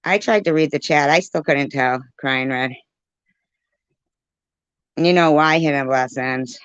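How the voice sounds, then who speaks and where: A woman's voice: deep voice, a little slow, smooth, no room sound, dull audio. A woman hosting a casual livestream, reading the live chat aloud, confused and pleading with her chatters, often laughing. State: dry mouth.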